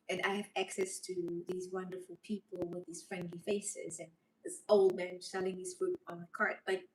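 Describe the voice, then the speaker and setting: A woman chatting on a livestream, rambling and emotional. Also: on the low side. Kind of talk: casual livestream chat reading comments. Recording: voice a bit far from mic, faint noise.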